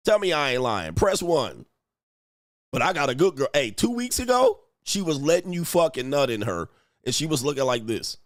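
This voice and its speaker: A man's voice: a little high, very animated, moderate pace, dry recording, studio quality. A man hosting a livestream, delivering a profane, mocking comedic rant with repeated catchphrases. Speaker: livestream host and dating coach.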